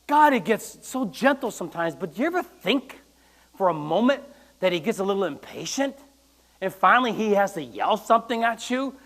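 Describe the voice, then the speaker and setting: A man with a high voice preaches a lively sermon in church. He acts out quoted lines, now and then breaking into loud bursts. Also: fairly quick. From United States. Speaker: pastor.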